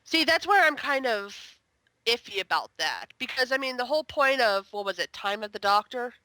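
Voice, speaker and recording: Chatty woman with a bright, dry voice. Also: a little high, expressive, no room sound. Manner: chatty, exasperated, quick asides. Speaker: guest reviewer. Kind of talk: casual podcast review chat.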